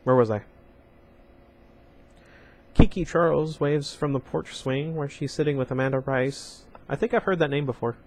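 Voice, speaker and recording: A man's voice: fairly high pitch, normal speed, pauses often, a little mellow. A man hosting a casual read-aloud of a young adult novel. He reads the story plainly and often breaks off to chat with his viewers. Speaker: channel host reading a novel aloud.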